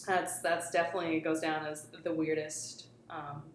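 A woman's voice: sits low, little pitch movement, normal speed. Rambling woman telling a work story. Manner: rambling storyteller, many fillers and restarts. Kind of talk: casual podcast chat. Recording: roomy echo, faint background noise.

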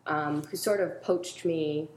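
A woman with a Boston accent, a comedian talking casually as a podcast guest, chatty and quick to laugh, often repeating words. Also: sits low, steady tone, a little mellow, reverberant.

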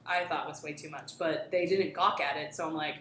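A woman's voice: low-pitched, steady tone, fairly quick, fairly bright tone. A woman casually telling a long work anecdote on a podcast, full of fillers and restarts. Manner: rambling storyteller, many fillers and restarts. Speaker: guest telling a work story. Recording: roomy echo, faint background noise.

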